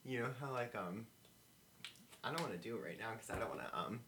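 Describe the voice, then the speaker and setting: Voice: medium pitch, expressive, fairly quick, background noise. A young adult co-hosting a podcast, talking in a hesitant, self-conscious way with many fillers, in casual conversation. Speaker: podcast co-host. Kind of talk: casual chat.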